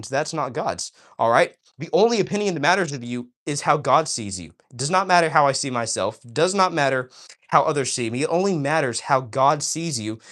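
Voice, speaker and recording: A man's voice: mid-range voice, fairly bright tone. A man hosting a casual livestream, talking straight to his viewers in an enthusiastic, preachy way and often asking "all right?". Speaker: livestream host. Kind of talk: casual livestream chat, reading chat aloud.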